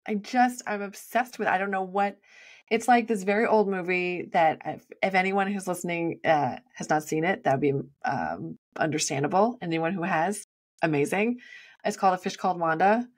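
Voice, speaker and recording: A woman co-hosting a podcast in casual chat, bubbly, enthusiastic and quick to giggle. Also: on the low side. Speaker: podcast co-host.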